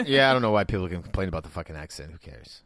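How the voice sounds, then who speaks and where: A man's voice: deep voice, lively intonation, very fast, fairly bright tone, no room sound, studio quality. A man co-hosting a casual film chat, blunt and opinionated, swearing casually. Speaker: podcast co-host.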